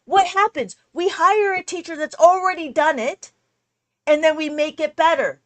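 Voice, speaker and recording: High-voiced woman ranting about teaching. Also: moderate pace. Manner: animated, exasperated ranting. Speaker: math teacher. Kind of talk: casual livestream lesson.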